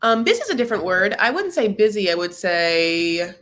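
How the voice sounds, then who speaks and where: Animated, jokey woman hosting a live recap. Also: medium pitch, fairly quick. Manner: animated, jokey, lots of fillers and playful put-on voices; self-mocking, laughs at her own jokes. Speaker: host of a reality show recap livestream. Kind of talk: casual livestream chat.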